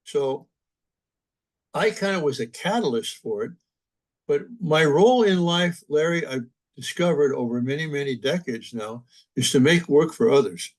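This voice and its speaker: Older priest telling relaxed anecdotes. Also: male voice, a little high, moderate pace. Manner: relaxed, humorous, reminiscing. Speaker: interview guest, priest and publisher. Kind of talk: anecdotal storytelling in conversation.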